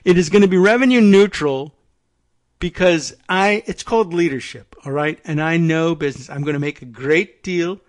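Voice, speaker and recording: A man's voice: fairly high pitch, normal speed, lightly acted. A man doing a mocking impression of a boastful male president who dodges questions with bragging and bluster. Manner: bragging, hectoring.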